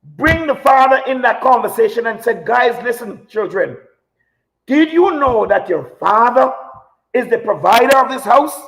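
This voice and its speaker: A man with a very high voice hosts a live talk show and delivers an impassioned monologue. He talks like a preacher, hammering his points home with repetition. He sounds emotional. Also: lively intonation, normal speed, a bit bright, rough recording. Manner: preachy, emphatic, repeats phrases for effect.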